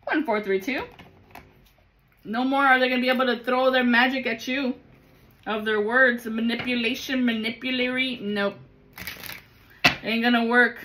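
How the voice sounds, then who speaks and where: A woman's voice: fairly high pitch, steady tone, moderate pace, long pauses, bright, forceful tone, a little hiss or hum. A woman giving a casual tarot reading to viewers, emphatic and blunt, swearing often and calling the listener baby. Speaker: tarot reader.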